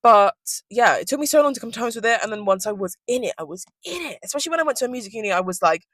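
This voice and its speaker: A woman's voice: fairly high pitch, expressive, rapid-fire, a bit bright, no echo. A young woman, rambling casually through a storytime in her car and swearing freely. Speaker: vlogger.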